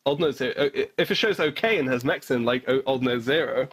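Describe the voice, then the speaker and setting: A man's voice: medium pitch, fast talker, a bit bright, husky. A man co-hosting a podcast in casual chat, blunt and swearing freely, often stammering as he restarts. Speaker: podcast co-host.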